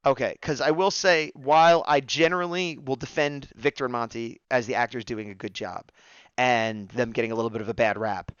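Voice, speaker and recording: A man hosting a casual review chat, recapping scenes in an animated way and acting out the characters' lines. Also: medium pitch, brisk, smooth, no echo, dull audio. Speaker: podcast host reviewing episodes.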